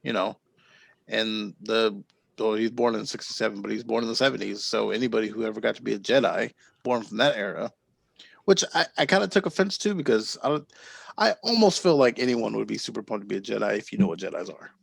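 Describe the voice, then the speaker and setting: A man's voice: fairly low pitch, vocal fry, breathy edge, no echo. A man co-hosting a podcast, telling stories in a rambling, laughing way. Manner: rambling storyteller, quick to laugh. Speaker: podcast co-host. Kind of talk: casual podcast chat.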